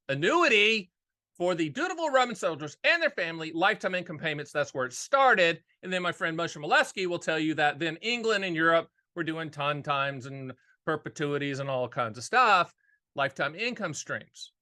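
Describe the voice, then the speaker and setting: High, bright, energetic annuity-agent host. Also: male voice. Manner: energetic, folksy, repeats key phrases. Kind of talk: casual straight-talk explainer.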